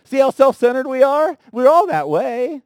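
A man preaching a sermon in a conversational way, talking straight to the men in the room and swinging between soft asides and loud emphasis. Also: extremely high pitch, very animated, moderate pace, dry recording. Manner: conversational, addresses men in the congregation directly. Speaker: pastor.

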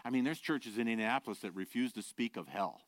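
A pastor preaching a sermon, earnest and direct, shifting from quiet, low asides to loud, emphatic declarations and rhetorical questions. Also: male voice, lively intonation, fast talker, dry recording. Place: church.

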